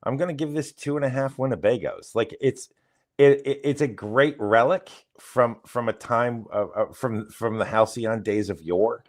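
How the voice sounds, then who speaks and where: A middle-aged man co-hosting a movie podcast, talking with halting restarts. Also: mid-range voice. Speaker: podcast co-host. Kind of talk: casual movie podcast chat.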